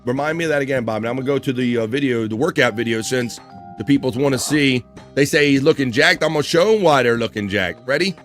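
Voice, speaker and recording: A man's voice: mid-range voice, quick pace, fairly bright tone, faint music behind. A man hosting a casual livestream, joking and teasing, laughing often. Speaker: livestream host.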